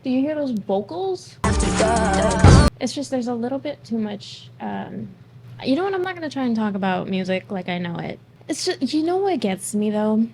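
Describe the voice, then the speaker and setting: A woman's voice: on the high side, sing-song, fairly quick, music in the background. A woman hosting a casual movie reaction, blunt and snarky, swearing freely.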